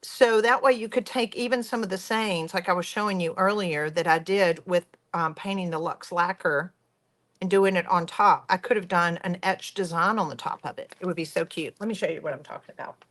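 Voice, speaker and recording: A woman's voice: on the low side, fairly quick, fairly bright tone. A woman hosting a craft tutorial, chatty and enthusiastic as she talks viewers through each step. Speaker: craft workshop host.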